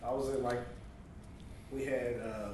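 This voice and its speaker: A man casually telling a wild story, laughing often and acting out the voices of the people in it with big jumps in pitch. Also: flat delivery, unhurried, darkish tone. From New Mexico. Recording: echoey room from a distance, light ambient noise.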